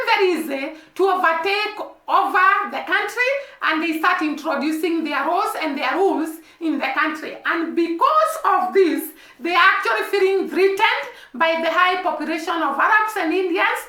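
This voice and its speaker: Woman, vlogger, very high voice, earnest commentary, echoey room. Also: pushed and bright. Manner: earnest, repeats words for emphasis. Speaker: vlogger commenting on news and gossip. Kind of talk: casual spoken commentary. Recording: roomy echo.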